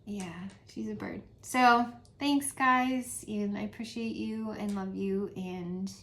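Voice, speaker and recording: A middle-aged woman talking casually to her channel's viewers, soft-spoken, with many pauses and frequent little laughs. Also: mid-range voice, fairly even intonation. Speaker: channel host. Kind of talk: casual vlog chat to viewers.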